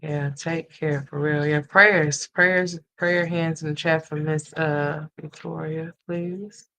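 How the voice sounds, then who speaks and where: A livestream host talking straight to the chat in a loose, casual way. The voice sits at an ordinary middle pitch. It is blunt and salty one moment and sweetly affectionate the next, calling viewers honey and sweetheart. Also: flat delivery, takes it slowly, few pauses, bright, forceful tone. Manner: blunt and profane, switching to tender and emotional.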